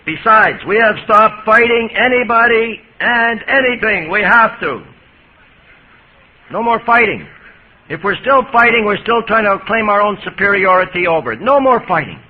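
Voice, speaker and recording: A male priest giving a lively, folksy talk on recovery to an audience, recorded on an old 1980s tape. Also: sits high, normal speed. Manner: lively, folksy, jokey storyteller. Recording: muffled 1980s tape with hiss.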